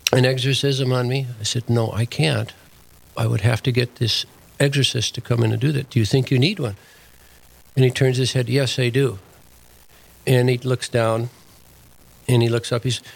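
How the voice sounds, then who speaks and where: Gravelly older man telling a story. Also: medium pitch, poor audio. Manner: earnest, plain-spoken storyteller. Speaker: deacon, prison chaplain guest. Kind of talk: storytelling in a radio interview.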